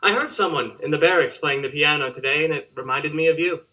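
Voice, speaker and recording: A man's voice: on the high side, fast talker, bright, forceful tone. A man acting an earnest, wistful young soldier reading a letter home in a theatre monologue. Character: young soldier, homesick and out of place. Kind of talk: theatre monologue over video call.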